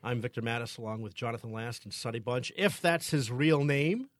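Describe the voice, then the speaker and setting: A man's voice: medium pitch, a little fast, no echo. A man hosting a podcast, making dry, joking introductions and steering the chat. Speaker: podcast host. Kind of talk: casual chat. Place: podcast booth.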